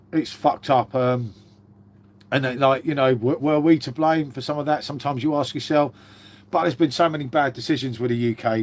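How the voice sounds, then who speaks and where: A man in his fifties hosting a casual live stream, rambling through stories, swearing freely and calling everyone mate. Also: medium pitch. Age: 50s.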